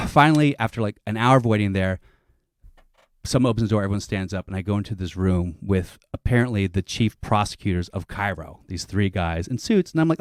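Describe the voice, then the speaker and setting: A man telling a long comic story on a panel show, animated and swearing, acting out other people's lines. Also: fairly low pitch, brisk, no echo, studio quality.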